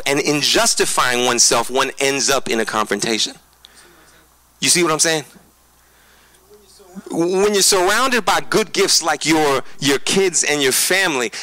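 A male pastor giving a conversational sermon, earnest and emphatic, talking straight to his listeners with quick restarts. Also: on the high side, bright, forceful tone, poor audio. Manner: quick preaching with frequent restarts.

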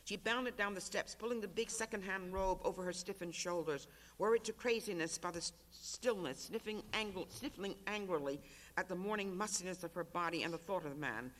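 An author reads a literary excerpt aloud at a panel. The voice sits high for a man and the narration moves at an even, rhythmic pace. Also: fairly quick. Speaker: author reading. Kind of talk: literary reading.

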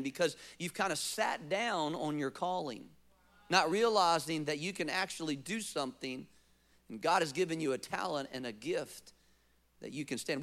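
A male pastor preaching a sermon, acting out quotes and asking rhetorical questions, sometimes dropping to a soft, close appeal. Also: high-pitched.

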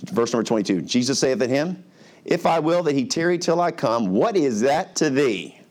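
Middle-aged male pastor, mid-pitched voice, casual verse-by-verse sermon delivery. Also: animated, moderate pace, a little mellow. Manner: conversational, acts out characters' lines. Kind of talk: expository sermon.

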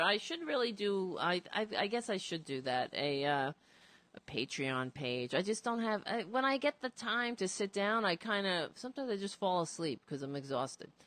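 A woman hosting a casual political talk show, rambling, cursing and animated as she talks. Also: on the low side.

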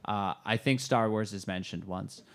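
A man's voice: on the low side, moderate pace, creaky, fairly bright tone. A man co-hosting a casual movie review podcast, loose and joking, laughing often. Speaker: podcast co-host.

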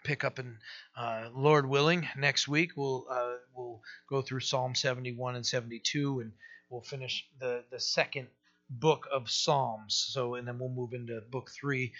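A man's voice: mid-range voice, steady tone, unhurried, fairly bright tone, dull audio. A male pastor teaching a sermon in a conversational way, full of rhetorical asides and restarts.

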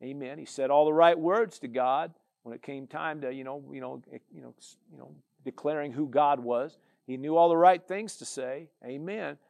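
Chatty preacher man, high voice. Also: normal speed, vocal fry, few pauses, a little mellow. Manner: conversational preaching, many "you know" and "amen" fillers. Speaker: pastor. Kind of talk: sermon.

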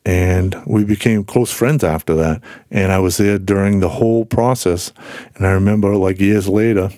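A man's voice: low voice, normal speed, dry recording, clean studio sound. A man guest on a faith podcast, telling personal stories in casual conversation and acting out the voices he quotes. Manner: animated storyteller, acts out quoted voices.

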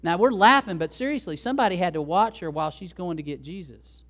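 A man's voice: sits high, fast, a bit bright. A male pastor preaching a sermon conversationally, often asking rhetorical questions.

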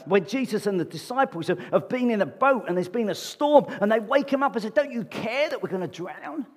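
A man delivers a sermon with a husky, slightly raised voice. He talks to the congregation in a conversational way and keeps asking them rhetorical questions. His words ring out with the long reverb of a large hall. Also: sits high. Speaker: preacher. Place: church meeting hall.

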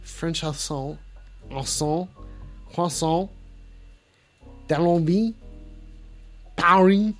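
A man's voice: on the high side, drawn-out words, long pauses, a bit bright, soft background music. A man hosting a live call-in show in a clumsy put-on French accent, playful and rambling.

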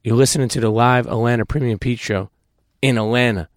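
A man hosting a live podcast in front of an audience, telling rambling, animated, profane stories and taking questions. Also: mid-range voice, fairly quick. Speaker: host. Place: live event space with audience.

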